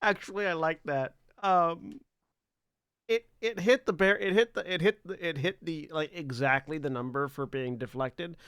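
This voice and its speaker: A man narrating as game master of a tabletop game, relaxed and thinking aloud as he makes rulings. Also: a little high, normal speed, clear, resonant tone, no room sound, studio quality.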